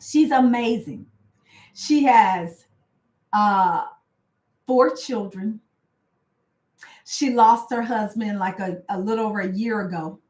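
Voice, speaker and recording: Her medium-pitched, slightly mellow voice moves slowly with long pauses in a roomy-sounding space. She's a coach and host giving a casual motivational talk, conversational and passionate, with lots of fillers and mounting indignation.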